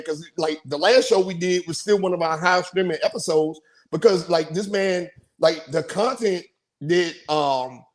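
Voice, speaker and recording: Man, podcast host, quite high voice, animated, laughs a lot, loose casual chat. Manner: animated, laughs often, repeats phrases.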